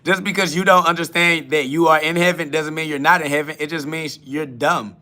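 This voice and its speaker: Podcast host, male, bright slightly high voice, blunt and mocking, laughs at his chat. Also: fairly even intonation, a little fast. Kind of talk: live solo podcast answering chat questions.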